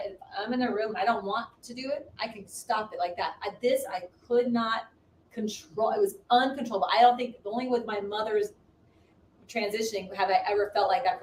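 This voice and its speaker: A woman in her fifties telling a story in casual chat as co-host, acting out the voices she quotes. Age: 50s. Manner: animated, acts out quoted voices with big swings in pitch. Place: home live stream. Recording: roomy echo, distant mic, faint noise.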